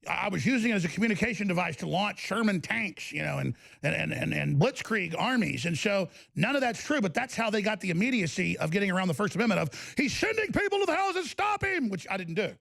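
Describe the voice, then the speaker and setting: A middle-aged man hosts a talk radio show from a studio. His voice sits high and gravelly, and he rants in an energized way, stumbling over quick restarts. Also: lively intonation, fairly bright tone. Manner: energized, fast ranting with repeated restarts. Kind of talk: ranting talk radio broadcast. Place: broadcast studio.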